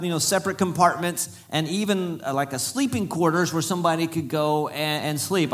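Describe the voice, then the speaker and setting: Man, middle-aged, pastor, sermon, folksy storytelling, self-deprecating humor, slightly high voice.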